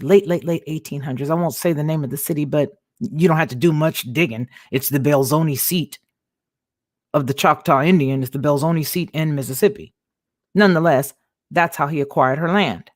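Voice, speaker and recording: Low-voiced woman host, emphatic monologue. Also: no room sound, clean studio sound. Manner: emphatic, repeats words for stress. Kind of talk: monologue commentary.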